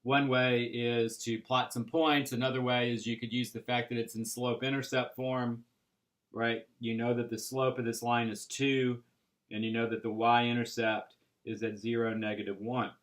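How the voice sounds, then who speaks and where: A man's voice: medium pitch, flat delivery, normal speed. Man giving a patient algebra lecture. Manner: patient, explanatory, with frequent "uh" and "right?". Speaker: math instructor. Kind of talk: recorded classroom lecture.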